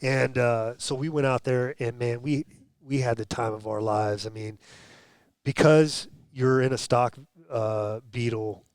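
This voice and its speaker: A man's voice: mid-range voice, a little slow, clean tone, dry recording, studio quality. A man chatting as a podcast guest, telling stories with restarts and acted-out quotes. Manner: animated storyteller, restarts and acts out quotes. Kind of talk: casual podcast chat.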